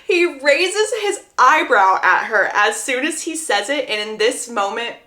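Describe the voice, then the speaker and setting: A young woman retelling a book's plot in a chatty, animated way, stopping to share her own opinions. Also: fairly high pitch, a little slow, echoey room. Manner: animated, gushing storyteller who breaks off to give opinions. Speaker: book recap creator. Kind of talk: chatty book plot recap.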